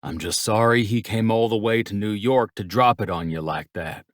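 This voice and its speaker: A man voicing an older father who talks in a slow, gritty drawl in an audiobook. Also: fairly low pitch, no echo, clean studio sound, natural voice. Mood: hushed, sad. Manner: gruff, unhurried, gritty. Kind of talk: audiobook character voice.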